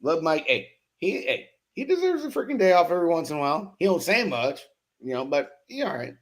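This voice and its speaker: A man with a fairly high, sing-song voice hosts a BMX live stream at a brisk clip. He reads chat comments aloud, calls out viewers by name, and teases them with loose, profane jokes, laughing often.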